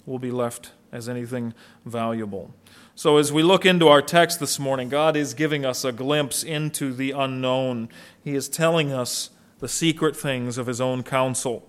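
Emphatic preaching man, higher voice. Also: a bit bright. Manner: emphatic preaching with rhetorical questions. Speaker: pastor. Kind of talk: sermon.

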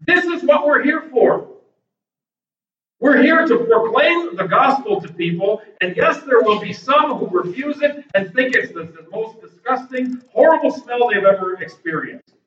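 High-voiced preacher in an echoey church. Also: male voice, unhurried. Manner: animated preaching, acts out reactions. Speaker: pastor. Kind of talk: sermon. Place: church sanctuary. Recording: echoey, distant, dull church recording.

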